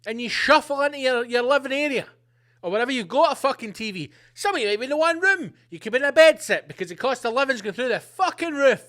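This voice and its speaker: A man's voice: very high-pitched, fairly bright tone. A man hosting his own podcast, ranting angrily and sarcastically with lots of swearing. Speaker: podcast host.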